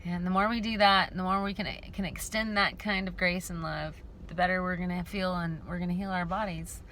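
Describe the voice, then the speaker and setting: A woman recording a casual personal vlog about living with dystonia, talking in a rambling, heartfelt way with many pauses and fillers and speaking warmly to her viewers. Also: fairly low pitch, fairly even intonation, a little hiss or hum. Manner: affectionate toward viewers. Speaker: dystonia awareness vlogger. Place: car.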